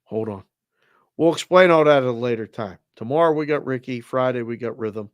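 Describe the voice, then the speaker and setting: A man with a Boston accent co-hosting a casual sports show, telling an animated story over a video call and acting out both sides of the conversation. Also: mid-range voice, fairly quick, smooth, no room sound. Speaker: co-host of a sports betting show. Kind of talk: casual chat.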